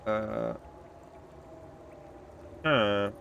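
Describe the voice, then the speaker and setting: A man's voice: lowish voice, extremely slow, creaky, fairly bright tone, slight background noise. A young adult man streaming a video game, giving chatty, rambling commentary with lots of fillers. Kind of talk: casual let's-play commentary.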